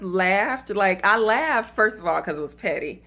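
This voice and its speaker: A woman from Atlanta with a Southern accent speaks in a lowish, fairly bright voice, unhurried and with hardly any pauses. She gives faith-based dating advice in a chatty, playful way, laughing at her own story and addressing viewers directly as y'all.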